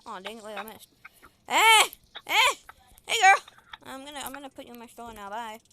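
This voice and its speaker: A woman giving casual game commentary, excitable, shrieking and giggling as she plays. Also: fairly high pitch, rapid-fire. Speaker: gamer. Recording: loud background noise.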